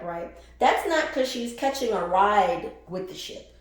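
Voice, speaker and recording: Woman spiritual reader: slow, blunt and profane, laughs often, recorded in a very echoey room. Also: mid-range voice, lively intonation. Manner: emphatic, repeats phrases for effect. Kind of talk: casual spiritual reading to camera.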